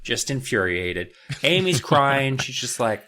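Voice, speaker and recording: A man in casual podcast chat with a mid-pitched voice that moves expressively up and down. He drops wry, profane jokes into his retelling of the story. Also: sing-song, moderate pace, few pauses, sharp tone. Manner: wry, profane, jokey asides. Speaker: podcast co-host.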